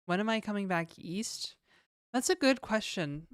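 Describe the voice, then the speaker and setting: A woman's voice: medium pitch, lively intonation, unhurried, smooth, dry recording, studio quality. A young adult woman with a Canadian accent chatting casually on a livestream, reading viewer questions aloud and answering them in a laid-back way.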